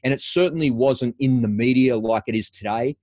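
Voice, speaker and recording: A man's voice: mid-range voice, fairly quick, mellow, no echo. A middle-aged man and former paratrooper telling a personal story frankly as a podcast guest, often restarting his phrases. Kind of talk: candid storytelling in a podcast interview.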